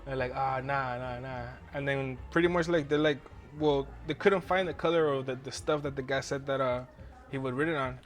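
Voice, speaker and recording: A man's voice: medium pitch, steady tone, fairly quick. A young man hosting a podcast, telling a rambling, profanity-laced story in casual chat and laughing as he goes. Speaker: podcast host.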